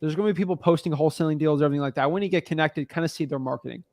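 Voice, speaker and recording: A man with a somewhat high voice coaches a beginner in loose, slangy talk. He is blunt and conversational, and the sound is dry and close, with no room around it. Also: very fast, a little mellow, no echo. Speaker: real estate wholesaling coach. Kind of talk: casual coaching call.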